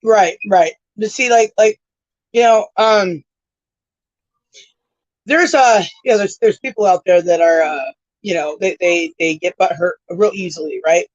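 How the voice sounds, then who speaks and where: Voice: mid-range voice, unhurried, no room sound. Profane rambling livestream host, muffled. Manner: rambling, profane, tags lines with "right?". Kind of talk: casual livestream chat. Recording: dull lo-fi stream audio.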